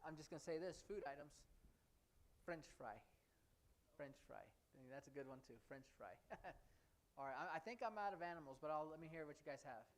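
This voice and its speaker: A man teaching an informal sign language class in a church classroom, taking students' questions one by one and thinking aloud as he explains each sign. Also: on the high side. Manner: easygoing, answers students by turns, thinks aloud.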